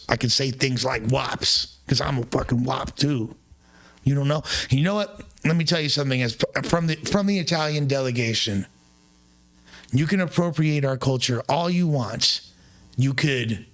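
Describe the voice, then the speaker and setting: A man hosting a casual live chat, talking in loose slang and jumping his pitch up for emphasis. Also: unhurried, fairly bright tone. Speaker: streamer host.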